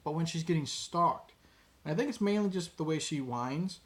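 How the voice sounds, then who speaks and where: A man giving a casual, rambling movie review, with many pauses and restarts, dropping his voice to quote lines. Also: a little high, lively intonation.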